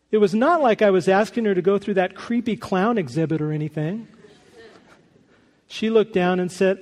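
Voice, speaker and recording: A man preaching in a church, his voice pitched high for a man and carried by a long hall reverb. He speaks earnestly and rises to emphatic peaks as he builds each point. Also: normal speed, darkish tone. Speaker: pastor. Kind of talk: sermon.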